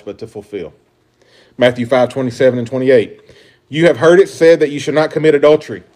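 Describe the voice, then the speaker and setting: A man preaching a sermon, emphatic and full of rhetorical questions, rising and dropping in volume as he stresses points. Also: mid-range voice. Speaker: pastor.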